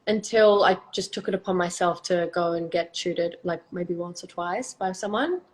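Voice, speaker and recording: A woman's voice: on the low side, moderate pace, rough recording. A young woman with an Australian accent, chatting casually and giggling on a phone live stream. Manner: chatty, giggly, trails off into whispers. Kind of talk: casual chat. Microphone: phone on a video live stream.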